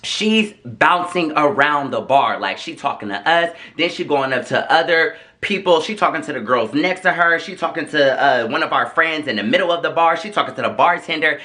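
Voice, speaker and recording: A man hosting a casual storytime vlog, sassy and dramatic. His voice is bright and forceful, sitting a little high, and he keeps it chatty with the viewers. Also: lively intonation, normal speed, hardly any pauses. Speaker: vlogger host.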